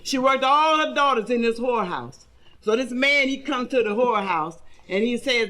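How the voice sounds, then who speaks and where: Her voice is highish and sharp, with lively intonation and a moderate pace. She's a stand-up comic on a 1970s record, telling dirty jokes in a drawl and squealing out the voices of the people in her stories.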